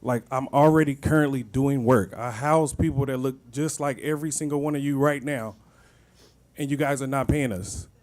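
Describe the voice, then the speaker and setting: A man's voice: mid-range voice, moderate pace, darkish tone. A man who founded a shelter provider, giving an impassioned public comment and begging officials to release funds. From Kansas City, Missouri. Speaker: nonprofit founder.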